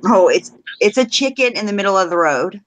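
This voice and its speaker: A woman's voice: medium pitch, lively intonation, brisk, rough recording. A woman co-hosting a casual live-stream chat, blunt and profane, teasing with laughter.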